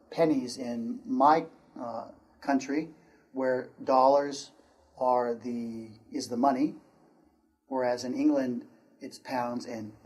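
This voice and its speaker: An American man teaches English pronunciation at a very slow, deliberate pace. He says each word carefully and repeats it for learners to copy. His voice sits at an ordinary middle pitch. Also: darkish tone, husky. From United States. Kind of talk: pronunciation lesson.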